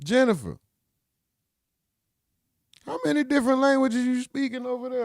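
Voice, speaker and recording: A man doing live reaction commentary on a stream, loud, excitable and profane. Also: very high voice, moderate pace, gravelly, dry recording, clean studio sound.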